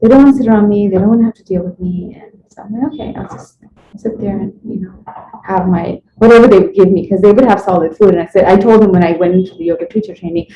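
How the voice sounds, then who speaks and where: A woman being interviewed, telling a personal story in a rambling, animated way and acting out what people said to her. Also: mid-range voice, fast talker, slight background noise. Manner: rambling, animated retelling with acted-out quotes. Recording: echoey room, dull lo-fi sound.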